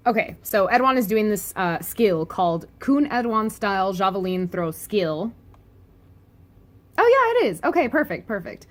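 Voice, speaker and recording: A woman giving a casual, joking video review of a comic, talking in a loose, chatty way full of "like" and "anyway" and laughing often. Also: medium pitch. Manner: chatty and giggly, with lots of "like" and "anyway"; playful and joking. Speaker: webcomic reviewer.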